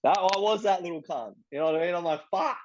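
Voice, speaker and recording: A young Australian man telling his story as an interviewee, blunt and profane, full of street slang and animated retellings. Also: high-pitched, fast talker, muffled recording, a little hiss or hum. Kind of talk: casual storytelling.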